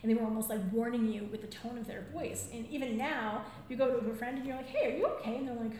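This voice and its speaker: A high-voiced woman tells stories to a live audience in an animated way, often breaking into laughter. Her voice rings through a very echoey room with a faint hum of ambience behind it. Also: quick pace. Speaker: storyteller and drum circle leader. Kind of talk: storytelling talk to a live audience.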